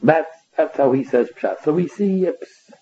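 A man's voice: a little high, expressive, a little slow, lo-fi sound. A man teaching a Talmud study lesson, reading passages aloud and explaining them line by line.

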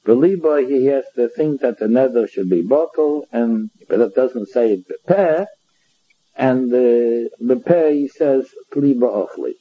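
A man's voice: mid-range voice, unhurried. Man teaching, lo-fi. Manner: reads passages aloud and explains them line by line. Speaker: Talmud teacher. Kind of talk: Talmud study lesson.

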